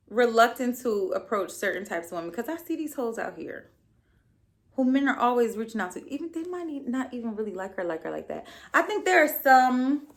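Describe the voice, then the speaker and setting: A woman's voice: a little high, fairly bright tone. Sassy, blunt young woman podcast host. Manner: sassy, blunt and profane, with playful asides. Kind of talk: casual solo recap monologue.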